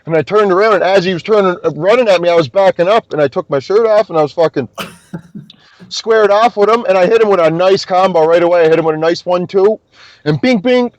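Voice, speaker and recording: A young man from Scotia, a podcast guest telling an animated story and swearing constantly. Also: high voice, fairly quick, no echo, dull audio. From Nova Scotia, Canada. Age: young adult. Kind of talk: casual storytelling.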